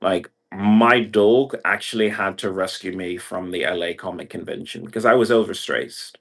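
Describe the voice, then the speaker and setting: A man's voice: low-pitched, normal speed, fairly bright tone. A man from Brazil talking in a meandering livestream monologue, packing nearly every phrase with "like" and other fillers. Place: indoor room.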